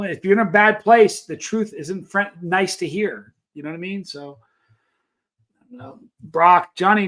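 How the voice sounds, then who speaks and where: A middle-aged man hosting a casual livestream, reading out and answering chat comments in an earnest, rambling way with many restarts. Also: sits high. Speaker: livestream host.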